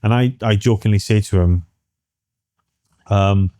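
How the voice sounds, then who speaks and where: A British man in his forties, a military veteran telling a story in an interview, halting and restarting as he acts out what others said. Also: on the low side, mellow, dry recording, clean studio sound.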